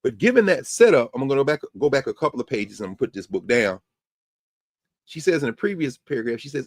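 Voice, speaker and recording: Animated male lecturer, dry close sound. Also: medium pitch, fast talker, no echo. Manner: animated, emphatic asides between quoted passages. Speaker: lecturer and podcast host. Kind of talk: lecture podcast, reading passages aloud with commentary.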